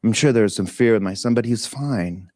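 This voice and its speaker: A middle-aged man tells a personal story in a loose, candid way, full of fillers, laughs and casual swearing. His voice sits a little low, and the recording is dry and close, with no room sound. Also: brisk, a little mellow, no room sound. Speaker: meditation talk leader.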